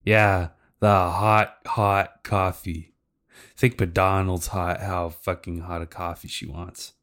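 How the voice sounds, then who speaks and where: A man hosting a podcast, retelling cartoon episodes in loose, rambling talk. His voice sits low, and he swears casually and fills gaps with "uh" and "like". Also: little pitch movement, slow pace, a bit bright. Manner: loose, profane, lots of fillers. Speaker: podcast host.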